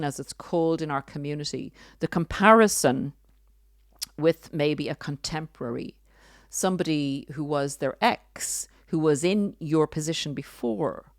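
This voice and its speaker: A woman hosting a podcast, speaking in earnest, deliberate commentary with occasional dry sarcasm. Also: low-pitched, no room sound. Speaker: podcast host.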